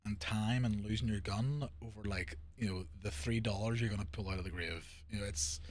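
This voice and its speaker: A man with a low, husky voice rambles through an easygoing conversation. He stumbles over repeated words and tags his points with "right?" and "you know?". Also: steady tone, fairly quick. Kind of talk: casual chat about roleplay gaming.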